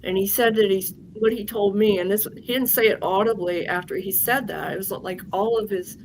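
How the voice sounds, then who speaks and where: A woman's voice: medium pitch, a little fast, darkish tone, slight background noise, poor audio. A woman guest on an interview show, telling a personal story in a candid, rambling way with fillers and restarts. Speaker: guest psychic medium.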